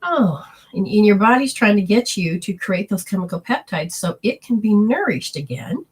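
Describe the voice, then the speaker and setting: A woman with a husky, slightly breathy voice teaches about healing and the body. She speaks earnestly and often slips into quoted inner voices to make her point. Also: mid-range voice, lively intonation, moderate pace. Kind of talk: teaching talk with personal stories.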